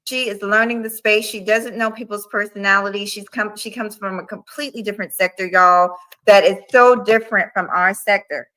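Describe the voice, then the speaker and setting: A woman hosts a livestream and fills her viewers in on her guest. Her voice is bright and sits mid-range. She talks casually and calls the audience y'all. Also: mid-range voice, steady tone, a little fast, rough recording. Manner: chatty, addresses viewers as y'all. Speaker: livestream host.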